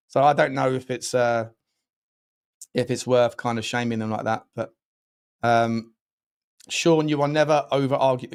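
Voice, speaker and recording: Young man, rambling live-stream host with a fairly high voice and excitable shout-outs. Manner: rambling, chatty, thanks viewers warmly with bursts of loud excitement. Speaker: fan channel host. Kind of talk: casual live-stream chat.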